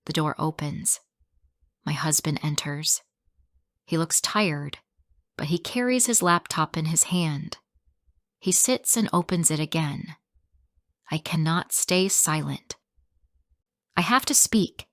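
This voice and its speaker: Woman reading a story for english learners, slow and clear, kinda low, very dry close sound. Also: no echo. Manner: clear, slow and emotional, rising to shouting in quarrels.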